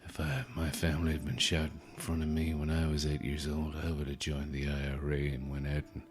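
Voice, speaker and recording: A man with a rough, gravelly voice doing an impression of a confused American film hero who keeps asking about his wife and family. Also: a bass voice, level tone, a little fast, pitched below the performer's own voice. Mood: gruff.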